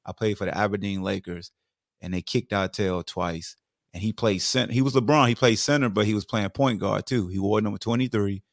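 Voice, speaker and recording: A man in his forties from Virginia, a podcast guest casually telling animated stories about his football days. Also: fairly low pitch, a little fast, no echo, clean studio sound. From Virginia, USA. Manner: animated, acts out other people's lines. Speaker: guest, former football player. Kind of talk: casual storytelling.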